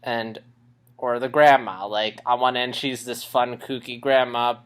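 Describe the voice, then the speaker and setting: A man's voice: medium pitch, little pitch movement, unhurried, smooth. A young man vlogging about a cartoon series, a little out of breath after a run, rambling casually with restarts. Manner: rambling, with restarts and shifts in loudness. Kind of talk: casual unscripted rambling vlog.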